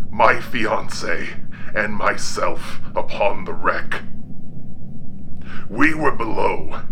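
A man reading an audiobook horror tale, voicing a sorrowful, pious castaway who speaks slowly and haltingly in a hushed, gravelly voice. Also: lowish voice, slight background noise, heavily acted. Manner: slow, halting, subdued delivery.

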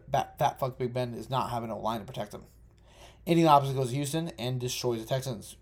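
Young male podcast host, mellow tone, rambling and profane, self-correcting, uneven home recording. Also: mid-range voice. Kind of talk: casual solo sports podcast.

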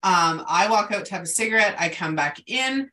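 A woman's voice: mid-range voice, expressive, moderate pace, sharp tone, distant mic, a little hiss or hum. A middle-aged woman hosting a casual chat, telling stories in a chatty way full of fillers and asides. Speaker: host.

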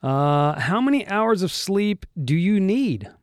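A man's voice: high-pitched, big pitch swings, takes it slowly, no room sound. Laughing man host, dry close sound. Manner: laughs often, repeats words. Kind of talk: casual podcast chat.

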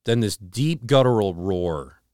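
A man co-hosting a podcast, retelling a story earnestly with halting restarts and a hushed, slowed delivery on dramatic moments. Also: expressive, dry recording, studio quality. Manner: slows and drops to a low hush on dramatic moments. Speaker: podcast co-host. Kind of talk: casual storytelling chat.

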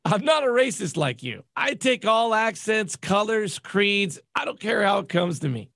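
A man co-hosting a sports podcast, excitable and mock-indignant in casual banter. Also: sits high, normal speed, vocal fry, no room sound, studio quality. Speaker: podcast co-host.

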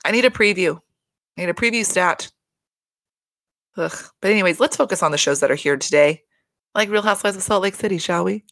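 Young female recap host, lower voice, gossipy, profane, dry close-mic sound. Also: fairly quick, long pauses, fairly bright tone, no room sound. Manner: profane, gossipy, exasperated, lots of fillers. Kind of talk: casual chat.

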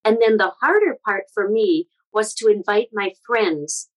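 A middle-aged woman from the Midwest, a guest speaker sharing personal stories in an interview, earnest and animated. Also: medium pitch, measured pace, low-quality recording. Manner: earnest, animated storyteller with frequent restarts. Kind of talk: conversational interview storytelling.

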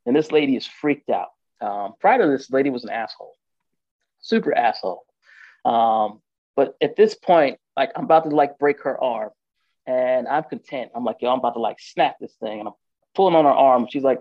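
A man's voice: medium pitch, a little fast, no echo, muffled recording. Candid man telling a raw story. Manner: emotional, candid, animated retelling with quoted dialogue. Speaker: guest telling his story. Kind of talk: casual storytelling on a podcast.

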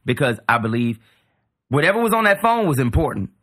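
Bright, lively-voiced joking man. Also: on the high side, a little fast. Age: adult, military veteran. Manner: boisterous, laughs loudly and often. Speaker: comedian guest. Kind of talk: casual podcast banter.

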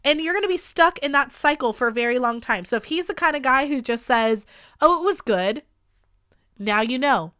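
A woman's voice: high voice, fairly quick, hardly any pauses, pushed and bright, clean tone. A woman in her twenties hosting a solo podcast in casual chat, candid and chatty, swearing freely and dropping lots of likes. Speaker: podcast host.

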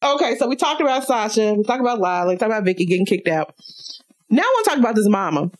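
A woman co-hosting a podcast, talking in an animated, outspoken way and laughing often. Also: medium pitch, very fast, low-quality recording. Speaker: podcast co-host. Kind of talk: casual podcast chat.

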